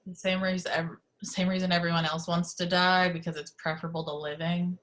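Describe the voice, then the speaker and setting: A woman's voice: fairly low pitch, little pitch movement, brisk, a bit bright, natural voice. A woman reading the part of a scared young man chained up in a grim bathroom, sullen at first and then panicky and swearing, in an amateur table read. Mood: bitter.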